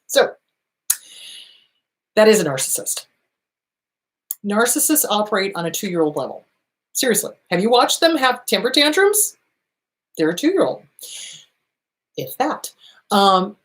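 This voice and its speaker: A woman's voice: medium pitch, a bit bright. Blunt, emphatic woman host. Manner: blunt, emphatic, repeats points, swears freely. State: voice starting to tire. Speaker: host answering viewer questions. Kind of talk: casual advice talk.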